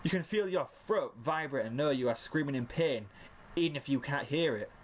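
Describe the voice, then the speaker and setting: A man's voice: on the high side, animated, normal speed, slight background noise. A man narrating a second-person fanfiction story in a mock-dramatic way. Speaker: fanfiction reader.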